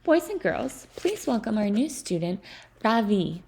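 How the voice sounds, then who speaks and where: A woman's voice: medium pitch, sing-song, unhurried, creaky, a little hiss or hum. A woman voicing a cheerful female schoolteacher welcoming a new student to class. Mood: cheery. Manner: bright, welcoming classroom announcement.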